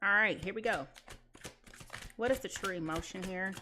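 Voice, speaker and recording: A woman's voice: medium pitch, normal speed, sharp tone, a little hiss or hum. A woman giving a live tarot reading in a chatty manner, repeating her phrases and laughing often. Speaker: tarot reader.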